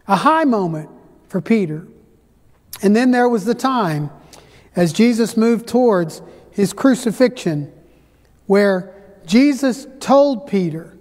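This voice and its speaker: A male pastor preaching a sermon, telling the story dramatically and swinging between loud peaks and hushed low passages. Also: expressive, slow, long pauses. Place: church sanctuary. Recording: church hall reverb.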